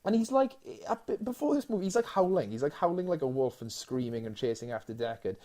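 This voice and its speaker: A man co-hosting a casual podcast chat, animated and excitable, stumbling over restarts as he retells movie scenes. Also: on the high side, fast. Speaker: podcast co-host.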